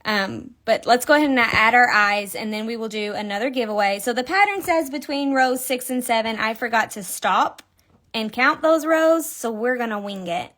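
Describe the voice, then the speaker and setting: A woman's voice: on the high side, normal speed, a bit bright. A woman with a Kentucky accent giving a casual, chatty crochet lesson on a live stream, giggling and telling stories as she works. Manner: chatty, giggly, tells stories while working. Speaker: crochet instructor.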